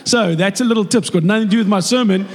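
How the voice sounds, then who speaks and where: A man gives a sermon in a fairly high voice, chatty and joking as he talks to the congregation. His voice rings out through a hall with a long reverb. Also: very fast, noisy background. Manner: chatty, jokey and animated, with laughs. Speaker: preacher. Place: church hall.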